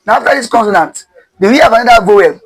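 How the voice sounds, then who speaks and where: A man's voice: sits high, lively intonation, fast talker, slightly rough, poor audio. A man teaching English pronunciation step by step, spelling words out letter by letter, asking questions and having listeners repeat. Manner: repetitive, drilling, asks questions and has listeners repeat.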